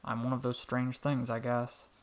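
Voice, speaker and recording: A man voicing a soft, kind talking frog. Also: medium pitch, completely flat delivery, natural voice. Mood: gentle. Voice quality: soft and cheerful. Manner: warm, teasing, unhurried. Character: gentle, kind-hearted talking male frog.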